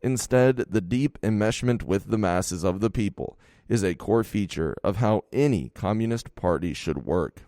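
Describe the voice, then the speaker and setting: A man narrating a nonfiction audiobook in a steady, measured reading voice. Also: lowish voice, dry recording, clean studio sound.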